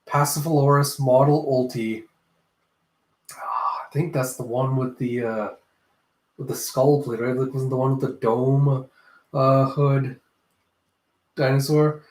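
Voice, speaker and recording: A man's voice: mid-range voice, fairly even intonation, unhurried, pauses often. A man casually reviewing a comic chapter, rambling and correcting himself as he goes. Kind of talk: casual reaction commentary. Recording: echoey room.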